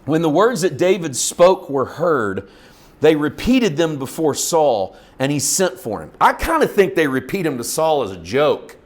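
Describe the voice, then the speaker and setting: A man teaching a Bible lesson, retelling the story in an informal, animated way and laughing often. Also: a little high, measured pace.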